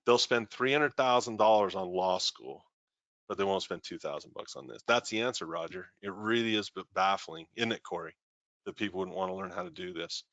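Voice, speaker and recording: A man's voice: low voice, lively intonation, brisk, creaky, fairly bright tone, no room sound. A man hosting a live trading show, reading out viewer comments and telling stories in a chatty way. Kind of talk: live-streamed trading talk.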